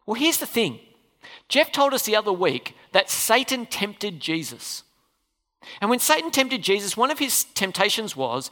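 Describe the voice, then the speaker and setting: A pastor preaching a sermon in a church hall, animated and full of questions for the congregation. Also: mid-range voice, a little slow. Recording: long reverb of a hall.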